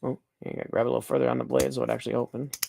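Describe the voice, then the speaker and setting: A man hosts a live stream from a dim room at home, teaching mycology safety by walking through lab procedures step by step in a casual, blunt, repetitive way and swearing now and then. His voice is medium-pitched, level, racing, creaky and a little mellow, with slight background noise.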